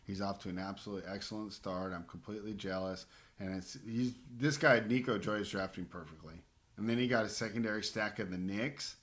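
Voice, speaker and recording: A man's voice: lowish voice, fairly quick, a bit bright. A man hosting a fantasy basketball show, talking casually as he drafts and thinking aloud with many fillers. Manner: frustrated rants at a rival drafter. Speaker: fantasy basketball podcast host.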